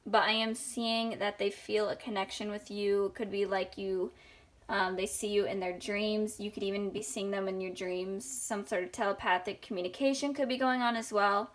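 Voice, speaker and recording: A young woman talks through a tarot spread in a loose, chatty monologue. She rambles and fills her pauses with ums, her voice sitting at an everyday middle pitch. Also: fairly even intonation. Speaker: tarot reader. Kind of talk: casual tarot reading monologue.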